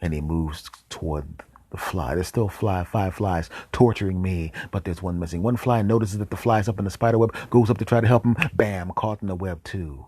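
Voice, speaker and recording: A man with a deep, husky voice spins an absurd comic tale in a straight-faced monologue. He slips into hushed asides now and then, and the sound is close and dry. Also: fairly quick, dry recording. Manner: deadpan tall tales with whispered asides. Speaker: podcast host.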